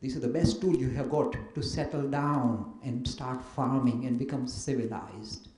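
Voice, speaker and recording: Animated man lecturing in an echoey room. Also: mid-range voice, moderate pace. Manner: animated storyteller, mimics others in dialogue. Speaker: invited speaker answering questions. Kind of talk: lively lecture with acted anecdotes. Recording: echoey room with faint noise.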